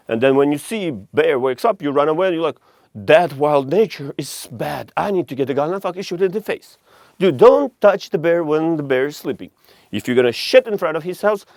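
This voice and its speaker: A man with a Russian accent rants to camera in a blunt, heated, profane vlog monologue. His voice sits a little high for a man. The sound is dry and close, with almost no room around it. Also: no room sound. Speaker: vlogger.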